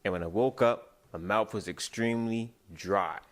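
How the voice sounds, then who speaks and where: A man's voice: fairly low pitch, moderate pace. A man co-hosting a comedy podcast, telling a rambling story in casual chat, full of restarts. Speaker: podcast co-host.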